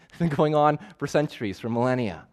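Male preacher giving a sermon, average pitch, drawn out and emphatic, repeats lines for effect. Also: expressive, a little mellow. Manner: emphatic, repeats key phrases for weight; measured, stretches words for stress.

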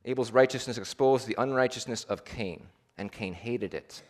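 A man preaching a sermon, rising to loud emphatic peaks and sinking to low, hushed phrase endings, and slowing down for deliberate repeated emphasis.

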